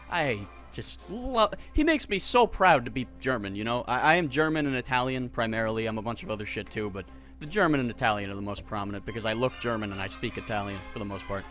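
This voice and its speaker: A man talks over faint background music in an average-pitched voice, reading out comments and tearing into them. His delivery is sarcastic and exasperated, full of swearing, stammered restarts and swings from loud outbursts to low mutters. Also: animated, quick pace. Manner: sarcastic, profane, exasperated, with frequent chuckles. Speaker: YouTuber reacting to comments. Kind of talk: casual commentary reading online comments aloud.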